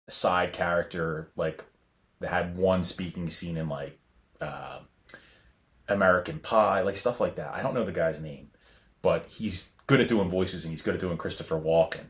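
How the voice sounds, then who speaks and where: A man in his thirties co-hosting a podcast, telling rambling stories in casual chat and laughing often. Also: deep voice. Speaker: podcast co-host.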